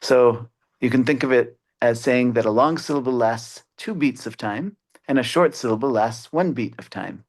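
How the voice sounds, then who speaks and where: A male educator explaining ideas step by step in an online lecture. His pitch sits in the middle of the usual range for a man. He stops often on short "uh" fillers between phrases. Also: moderate pace. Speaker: mathematics educator. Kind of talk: webinar lecture.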